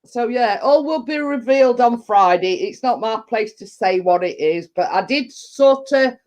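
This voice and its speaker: A woman's voice: fairly high pitch, animated, normal speed, a little mellow. A woman hosting a live stream, chatting in a rambling way and laughing often. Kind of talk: casual chat.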